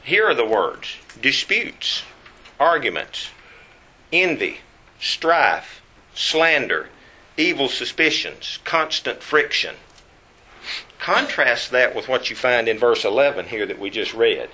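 A man preaching a Bible lesson, emphatic and slowing down to stress key words. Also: mid-range voice, very animated, sharp tone, breathy edge.

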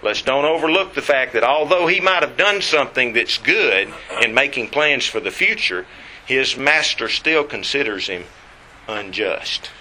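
A man preaching a sermon, reading scripture aloud and stressing key words deliberately. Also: mid-range voice, animated, sharp tone, slight background noise, rough recording.

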